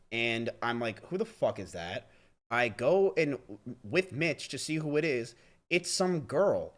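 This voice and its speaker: A young adult man streaming live, ranting to his chat with profane, rapid storytelling and frequent restarts. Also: medium pitch, fairly bright tone. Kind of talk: livestream rant to chat.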